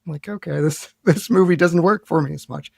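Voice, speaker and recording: A man guesting on a film podcast, with a gravelly voice that sits a bit high. He talks in a relaxed, reflective way. The recording is dry and close. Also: a little fast, dry recording. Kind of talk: casual film review chat.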